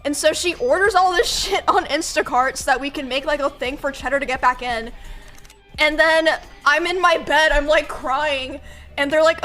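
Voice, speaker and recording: A young woman streamer telling a story casually and animatedly, swearing and acting out shouts. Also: sits high, moderate pace, faint music behind.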